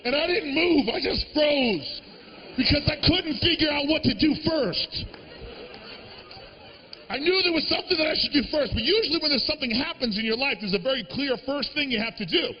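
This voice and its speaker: Man doing stand-up comedy, high voice, animated profane storytelling, dull lo-fi sound. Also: normal speed, long reverb tail, a faint crowd, slight background noise. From Boston area.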